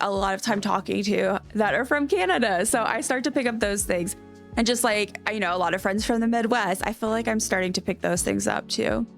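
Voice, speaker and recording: A woman from Cajun country in the US South live streams a life-sim game, her mid-range voice carrying a light Cajun-tinged Southern accent. She chats casually, rambling, correcting herself and laughing often.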